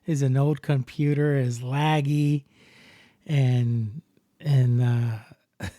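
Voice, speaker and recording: A man's voice: mid-range voice, fairly even intonation, drawn-out words, dark tone, dry recording, studio quality. A man hosting a podcast in casual chat, joking and laughing while he acts out silly scam calls. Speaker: podcast host.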